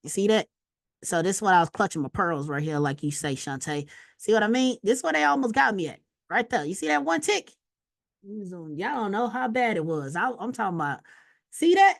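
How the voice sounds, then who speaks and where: A woman teaching a casual trading lesson over a screen share, slangy and animated, telling stories with loud exclamations. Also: medium pitch, a little fast, vocal fry, dry recording, clean studio sound. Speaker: trading instructor.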